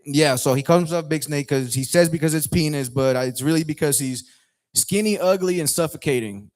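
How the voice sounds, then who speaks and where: A man's voice: fairly high pitch, brisk, darkish tone. A man hosting an open mic comedy night, bantering playfully with the crowd on a lounge stage mic. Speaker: host.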